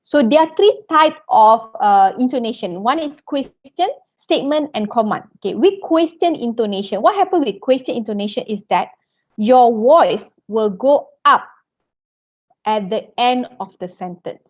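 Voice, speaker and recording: A woman's voice: on the high side, animated, normal speed. Woman lecturing, peppered with "okay". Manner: checks in with frequent "okay" and "all right"; non-native phrasing, frequent restarts. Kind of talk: online lecture. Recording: dull lo-fi audio.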